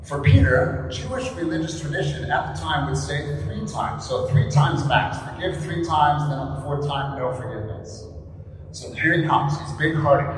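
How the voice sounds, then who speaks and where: A man, a pastor giving a candid, conversational sermon with rhetorical questions. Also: a little high. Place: church service in a large echoing hall. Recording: echoey hall, distant mic, faint room noise.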